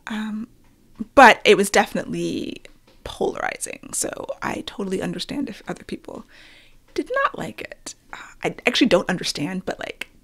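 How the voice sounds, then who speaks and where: A middle-aged woman hosts her own solo podcast, chatting candidly about films and her week with self-deprecating humor. Her mid-range voice has vocal fry and a breathy edge.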